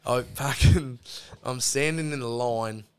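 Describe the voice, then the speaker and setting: Aussie bloke telling a yarn on a podcast, swears a lot, rambles, middle-aged, normal pitch. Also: male voice, unhurried, clear, resonant tone. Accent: Australian. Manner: swears freely, rambling with restarts and asides. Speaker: podcast guest. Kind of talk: casual storytelling yarn.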